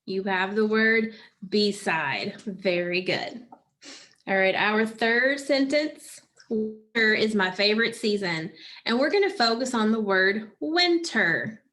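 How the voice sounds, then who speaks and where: Slow, patient woman phonics teacher. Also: mid-range voice, expressive, a bit bright. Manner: slow, patient prompting with pauses for answers. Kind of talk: phonics lesson to children.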